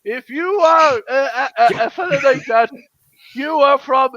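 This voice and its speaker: A man's voice: extremely high pitch, measured pace, bright, forceful tone, no echo, muffled recording. A man with an Irish accent hosting a live group chat, teasing a friend in a mock-lecturing, repetitive way. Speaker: host.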